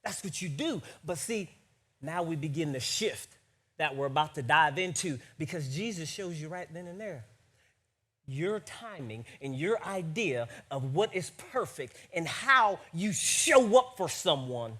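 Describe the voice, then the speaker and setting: Male pastor delivering a sermon, high voice with wide swings, animated, keeps asking the room to agree. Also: a little slow, breathy edge. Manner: animated, keeps checking in with the audience with "right?".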